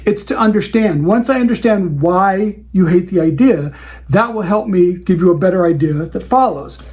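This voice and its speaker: A man's voice: sits high, lively intonation, normal speed, a little mellow. A man who hosts a show for wedding DJs, talking through client advice in a casual, conversational way and acting out the dialogue he has with clients.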